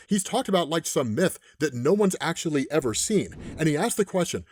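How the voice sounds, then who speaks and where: Lively, casual male comic recap host. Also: a little high, brisk, few pauses, breathy edge, no room sound, clean studio sound. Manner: casual, profane, keeps asking "right?". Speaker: comics commentator.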